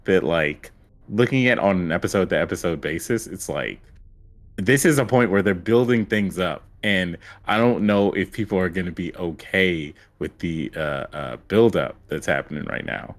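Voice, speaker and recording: A man with a lowish voice talks through a show on a podcast, loose and unscripted. He piles on fillers and restarts, and slips into quick put-on voices for the characters. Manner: rambling, filler-heavy recaps with acted-out quotes. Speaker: podcast co-host. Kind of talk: casual chat.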